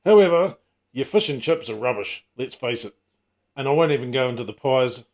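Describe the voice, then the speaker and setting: A man's voice: medium pitch, animated, fairly quick, a little mellow. A middle-aged man hosting a casual comedy vlog, full of wry, self-mocking asides and teasing jokes. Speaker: channel host.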